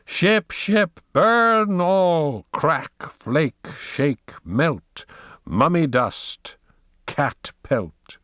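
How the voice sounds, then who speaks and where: A man reading an audiobook, voicing an old female witch who chants a spell in a shrill voice. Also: animated, drawn-out words, a bit bright, dry recording, studio quality, exaggerated voice. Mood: chanting. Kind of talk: audiobook character voice.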